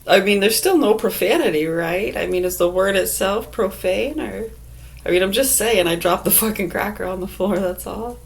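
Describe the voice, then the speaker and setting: A woman's voice: medium pitch, moderate pace, vocal fry. A woman in a casual vlog who reads definitions aloud and riffs on them sarcastically, swearing freely. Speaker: vlogger. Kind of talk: casual musing monologue.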